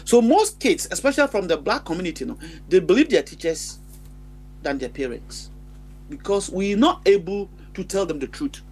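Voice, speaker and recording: A man with a Ghanaian accent telling a story in animated chat, switching between English and Twi and laughing often. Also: high voice, normal speed, husky, rough recording.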